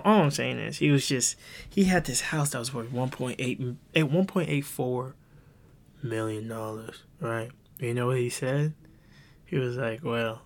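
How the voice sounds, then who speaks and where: A man with a medium-pitched, gravelly voice hosts a podcast, rambling through a story in casual chat full of restarts and some swearing.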